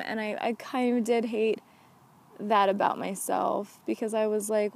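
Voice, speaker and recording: A woman's voice: on the high side, flat delivery, moderate pace, vocal fry, a little mellow. A young woman hosting her own podcast, talking casually and earnestly with lots of "like" as filler. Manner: chatty, earnest, heavy use of "like". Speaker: podcast host. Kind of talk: casual solo podcast talk.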